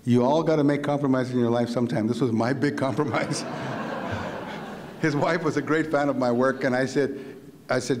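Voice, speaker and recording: A man, a visiting writer, telling a story to a live audience in a university lecture hall, animated and full of restarts. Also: mid-range voice, normal speed. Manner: vivid, animated retelling with repeated restarts.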